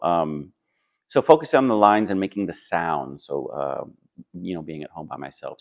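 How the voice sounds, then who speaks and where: A man who acts on stage answers interview questions in a relaxed, thoughtful way, pausing often with fillers and restarting his sentences. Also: very deep voice. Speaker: stage actor.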